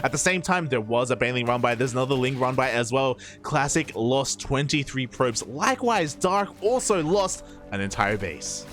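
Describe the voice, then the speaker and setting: Man, esports caster, live play-by-play, excitable at big plays, headset mic, faint music behind. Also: normal speed, hardly any pauses. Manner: excitable, rising pitch at big moments. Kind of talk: live game commentary. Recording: faint game music underneath.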